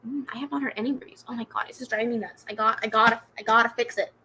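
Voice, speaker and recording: A woman's voice: a little high, fairly even intonation, rapid-fire, sharp tone, a little hiss or hum, poor audio. A young woman hosting a casual reading livestream, chatting animatedly and giggling as she answers comments. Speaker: booktube livestream host. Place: home room with a fan running.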